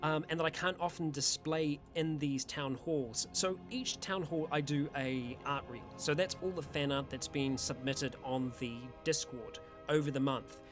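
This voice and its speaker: A man's voice: a little high, fairly even intonation, measured pace, few pauses, over music. A man hosting a casual monthly community Q&A, rambling and self-deprecating, with a weak voice. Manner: rambling, with many restarts and fillers, self-deprecating. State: voice having issues, weak. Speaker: YouTube roleplay channel host.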